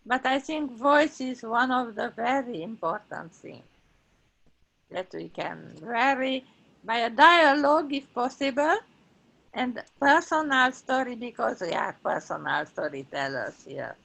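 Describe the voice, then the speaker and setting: Slow, gravelly, high-voiced woman host. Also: sing-song, fairly bright tone, rough recording. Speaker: club host.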